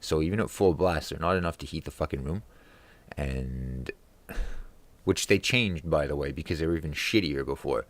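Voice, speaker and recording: A man's voice: extremely low pitch, moderate pace. A man vlogging from his room at home in a casual, angry, profanity-laden rant. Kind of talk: casual ranting monologue.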